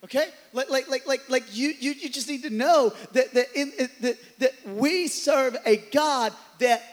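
A man preaching a sermon as pastor, swinging from loud, driven passages to hushed ones. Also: extremely high pitch, unhurried. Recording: long hall reverb.

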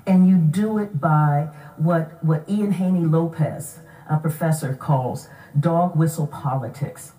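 A woman author explaining history in a measured, thoughtful, lecture-like way. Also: deep voice, mellow. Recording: distant, dull-sounding clip.

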